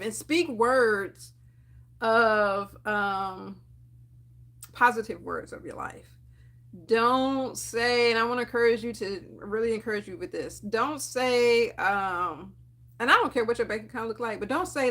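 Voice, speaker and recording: A young woman with a slightly higher voice speaks to camera in an animated, encouraging way, often laughing between points. She talks casually, with frequent fillers, like a friend cheering you on. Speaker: dental hygienist and channel host.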